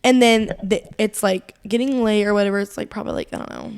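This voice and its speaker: A woman's voice: mid-range voice, steady tone, quick pace, a little mellow, clear, resonant tone. A young woman, co-hosting a podcast and telling a long personal story in rambling, casual chat full of fillers and laughs. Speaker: podcast co-host.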